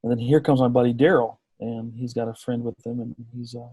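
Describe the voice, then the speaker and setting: A man's voice: medium pitch, brisk, breathy edge, no echo. A man in his thirties, a podcast guest telling a personal story in conversation, acting out the people he quotes. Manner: lively storyteller who acts out quoted dialogue.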